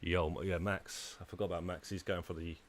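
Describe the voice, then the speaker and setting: A man's voice: sits low, little pitch movement, a little fast, a little hiss or hum. A man live-streaming a game, chatting loosely with viewers, full of "uh" and "man" while he plays. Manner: chatty, frequent "uh" and "man", talking to chat while playing. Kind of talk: casual live-stream chat.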